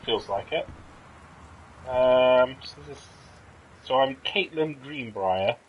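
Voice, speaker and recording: Lively man streaming a game. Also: mid-range voice, slow pace, dull audio, a little hiss or hum. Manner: lively, thinking aloud, reacts to the game. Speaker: let's play streamer. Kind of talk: casual gameplay commentary.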